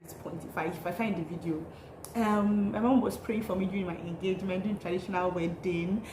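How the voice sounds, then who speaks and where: A woman's voice: mid-range voice, a little fast. Bubbly Nigerian woman in a roomy space. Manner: bubbly, laughing, animated storytelling. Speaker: vlogger. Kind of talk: casual chatty vlog. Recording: roomy echo, faint noise.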